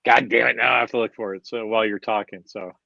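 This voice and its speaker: A man's voice: on the low side, steady tone, fast talker, creaky, dry recording, muffled recording. A man co-hosting a podcast in casual chat, joking and teasing his co-host.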